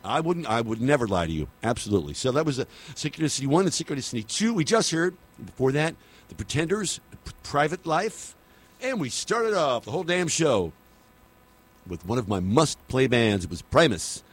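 A man working as a radio DJ, chatting and joking casually between songs in an animated way. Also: medium pitch, fairly quick, husky.

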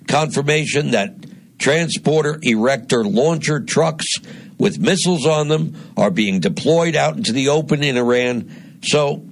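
A man hosting a radio talk show, delivering a deliberate, emphatic commentary monologue with dramatic pauses. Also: medium pitch, gravelly, breathy edge, no room sound. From Northeast Pennsylvania.

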